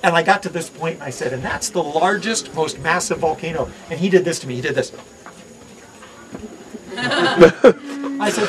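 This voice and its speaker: A man's voice: on the high side, animated, moderate pace, pauses often, a bit bright. A middle-aged man from Hawaii giving an outdoor park ranger talk, joking with visitors and quizzing them on the sights. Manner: playful, quizzes the crowd and jokes. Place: outdoors at a volcano viewpoint. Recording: outdoor recording with audible crowd.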